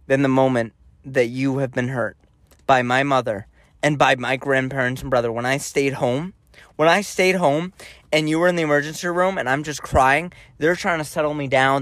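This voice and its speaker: A man's voice: mid-range voice, moderate pace, no room sound. A man co-hosting a podcast, telling a family story in casual chat and acting out relatives' lines in quoted voices. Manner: animated, acts out family members in quoted voices. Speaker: podcast co-host.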